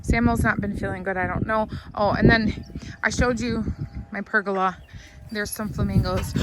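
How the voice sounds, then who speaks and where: A woman's voice: mid-range voice, steady tone, normal speed. A woman with a scratchy voice giving a casual, rambling walkthrough of her backyard garden, filmed on a phone outdoors. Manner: chatty, rambling, talks to her dogs. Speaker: vlogger giving a garden tour.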